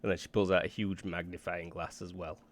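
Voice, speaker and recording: A man's voice: low-pitched, little pitch movement, fairly quick, slight background noise. A man narrating a tabletop game as game master in a casual, offhand way.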